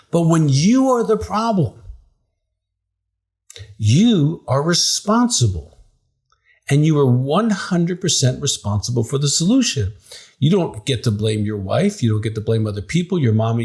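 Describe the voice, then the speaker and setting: This is a middle-aged man, a psychologist, speaking to camera at an ordinary mid pitch. He tells his stories emphatically and animatedly, and jumps into the voices of the people he quotes to press his point. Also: gravelly, husky. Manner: emphatic, animated storytelling with acted dialogue. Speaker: psychologist and counseling director. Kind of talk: direct-to-camera advice talk.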